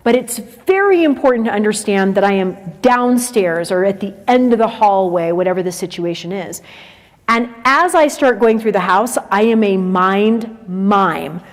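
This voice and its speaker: A woman's voice: mid-range voice, moderate pace. Chatty woman lecturing to teachers. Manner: lively, conversational, acts out examples. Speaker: presenter at a teacher training day. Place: large lecture hall with a livestream. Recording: long reverb of a lecture hall.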